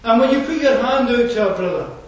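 A man's voice: very high-pitched, lively intonation, fairly quick. A man from Scotland, preaching a sermon in an earnest, conversational way with asides and fillers. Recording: roomy distant hall mic.

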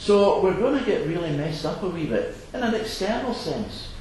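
A man preaching a sermon to an assembly, earnest and animated with occasional chuckles. His voice sits a touch high with a wide, lively swing. The recording is very echoey with faint background noise. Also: moderate pace. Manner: earnest, varied, chuckling asides. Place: assembly hall.

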